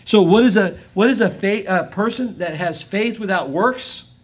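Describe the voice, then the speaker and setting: American man preaching, high voice, emphatic and dynamic, measured scripture reading. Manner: emphatic preaching, swinging between loud and quiet; reads scripture aloud in a measured cadence. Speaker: pastor. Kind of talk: sermon. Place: church service.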